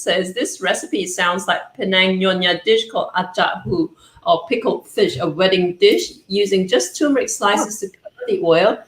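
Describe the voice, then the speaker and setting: A woman's voice: mid-range voice, fairly bright tone. A woman hosting a live cooking stream, reading out viewer comments in an upbeat way and chatting with her guest. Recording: echoey room.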